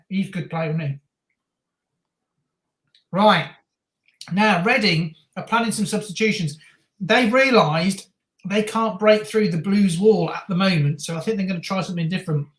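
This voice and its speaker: A man's voice: sits high, moderate pace, pauses often, a bit bright. Man, football stream co-host, jokey banter, match analysis, echoey room sound. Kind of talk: casual live match commentary and chat. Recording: roomy echo.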